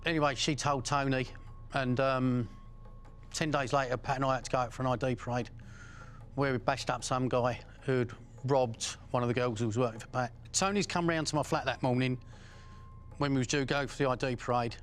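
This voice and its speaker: A man's voice: mid-range voice, steady tone, fairly quick, slight background noise. A man, speaking bluntly in an interview and recounting his past with frequent fillers.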